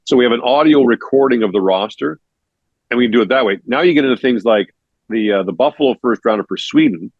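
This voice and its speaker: A man's voice: medium pitch, animated, fast talker, vocal fry, no room sound, lo-fi sound. A man who is a hockey play-by-play broadcaster, chatting at length as a guest on a casual podcast interview. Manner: explains at length in a chatty, conversational way.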